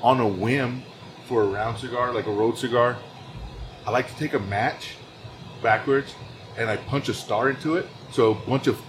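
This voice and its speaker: A man's voice: medium pitch, normal speed. Laid-back Texan man over background noise. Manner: laid-back, chimes in with agreement. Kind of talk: casual chat.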